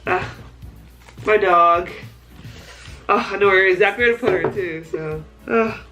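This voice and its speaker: A woman's voice: mid-range voice, a little slow, soft background music, low-quality recording. A woman vlogging at home, gushing and laughing as she unboxes a care package. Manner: excited, gushing, often laughing. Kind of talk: casual vlog unboxing.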